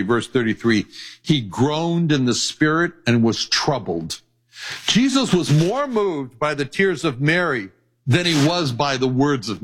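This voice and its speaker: Husky-voiced man preaching a sermon. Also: a little high, fairly bright tone, low-quality recording. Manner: earnest, repeats verse references, slows on key phrases.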